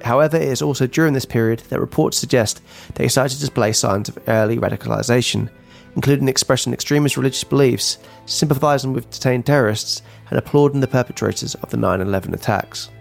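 A man co-hosting a true-crime podcast, reading his script briskly and teasing his co-host dryly. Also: mid-range voice, vocal fry, soft background music.

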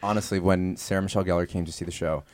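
A male musical theatre actor telling lively, jokey stories in a casual interview. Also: low-pitched, very fast. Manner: animated, jokey storyteller.

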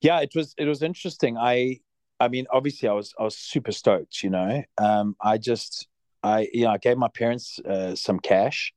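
A man's voice: mid-range voice, normal speed, darkish tone, dry recording. Laid-back South African man, dry sound. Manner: rambling, filler-heavy, easygoing. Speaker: podcast guest. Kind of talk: casual interview chat.

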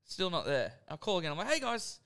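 A man's voice: a little high, sing-song, quick pace, a bit bright, clear, resonant tone. A young Australian man co-hosting a podcast, telling stories in casual chat, laughing often and swearing freely. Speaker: podcast co-host.

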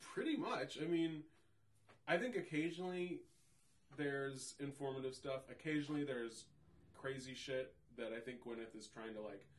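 A young man trading jokes with his co-host in a relaxed podcast chat. His humour is dry and wry, and he laughs easily. His voice has an ordinary middle pitch. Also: moderate pace. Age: young adult. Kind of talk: casual chat.

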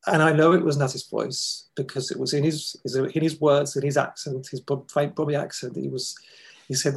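A man gives earnest, halting testimony in an interview. His voice is gravelly and husky, with very little rise and fall in pitch. He pauses often as he searches for words. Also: little pitch movement, low-quality recording. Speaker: guest, foundation founder.

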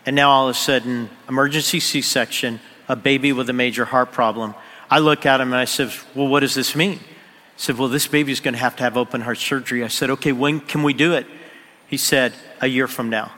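Male pastor, sermon storyteller, forceful tone, echoing church hall. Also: mid-range voice, fairly even intonation, fairly quick. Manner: drops to near-whisper on emotional moments. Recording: long hall reverb.

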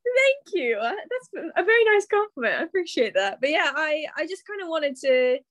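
A woman's voice: high voice, big pitch swings, moderate pace, fairly bright tone, no echo. A young American woman, a guest on a podcast, telling her story in casual chat, full of "like" and "um". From Kansas City, USA. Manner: chatty, many fillers like "like" and "um". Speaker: guest, secondary English teacher.

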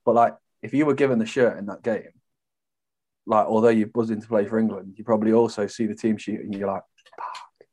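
A young man co-hosting a podcast, chatting easily about football. His voice sits a little low. He talks loosely, with fillers and mild swearing. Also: steady tone, fast, dark tone. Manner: easygoing, chatty banter. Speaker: podcast co-host. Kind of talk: casual chat.

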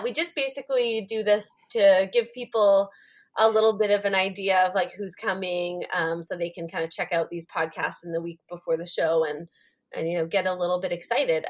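A woman from Canada hosts a relaxed podcast interview over a call. She talks in a friendly, reassuring way at a medium pitch and laughs easily. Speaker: podcast host. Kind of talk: casual interview.

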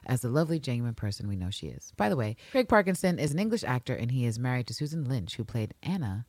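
Woman podcaster with a low voice, jumps all over in pitch, cusses a lot, dry close mic. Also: fast talker, no echo. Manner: swears freely, laughs often, animated. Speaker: podcast co-host. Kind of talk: casual podcast chat.

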